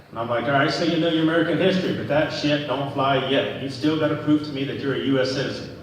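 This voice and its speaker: At a live show in an event hall, a man with a medium-pitched, steady voice tells a rambling, profane story at a quick pace during a stand-up set. The echoey hall is recorded from far off.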